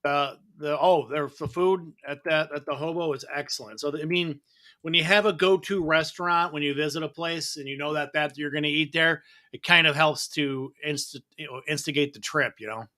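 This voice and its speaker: A man's voice: a little high, normal speed, pushed and bright, no room sound, studio quality. A man co-hosting a casual real estate chat, easygoing and informative. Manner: easygoing, informative, rambling with restarts. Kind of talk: casual live-stream chat.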